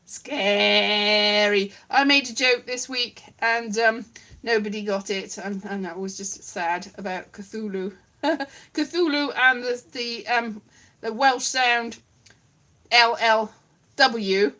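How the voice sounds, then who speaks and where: A woman's voice: a little high, slow pace, bright, forceful tone. A woman at home giving a rambling, giggly comic monologue with puppets, often mocking herself. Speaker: comedian doing a solo online show.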